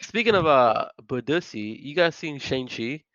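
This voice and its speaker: A man's voice: medium pitch, lively intonation, a little slow, a bit bright, no room sound, muffled recording. A man hosting a casual podcast chat, rambling and packing his talk with filler words. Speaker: podcast host.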